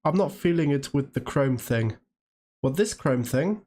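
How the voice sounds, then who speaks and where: A man's voice: fairly high pitch, lively intonation, unhurried, a little mellow, slight background noise. A man from Great Britain and Germany chatting casually on a live stream, rambling while he works and answering viewers' questions.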